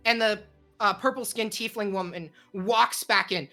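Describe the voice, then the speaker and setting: A woman narrating a tabletop game as game master, slowly and vividly, with frequent fillers. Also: mid-range voice, sharp tone, faint music behind.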